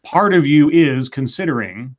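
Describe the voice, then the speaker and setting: A man's voice: a little high, lively intonation, moderate pace. A man co-hosting a casual podcast chat, reasoning things through with hedges and restarted sentences.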